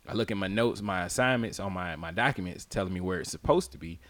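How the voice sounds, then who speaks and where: A man on a casual podcast telling a long personal story, swearing freely, laughing through it and acting out his own shouts. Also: low voice, fast. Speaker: podcast co-host.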